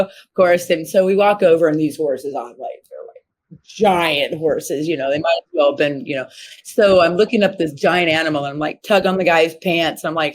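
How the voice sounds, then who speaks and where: A woman in her fifties from Missouri, a horse trainer telling her story as a guest in an interview, acting out the voices of people she quotes. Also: moderate pace. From Missouri, USA. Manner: animated, acts out quoted voices with sharp pitch jumps.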